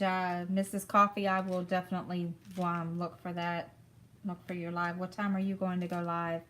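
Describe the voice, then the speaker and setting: A middle-aged woman chatting casually with viewers while crafting at home, rambling softly and thinking aloud with lots of fillers. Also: fairly low pitch, slight background noise. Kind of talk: casual chat while diamond painting.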